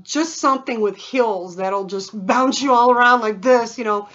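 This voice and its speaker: Speaking at a normal pace in a fairly high, slightly bright voice, this woman vlogs in a loose, digressive way, packed with fillers and sound imitations. The top end of the audio is cut off.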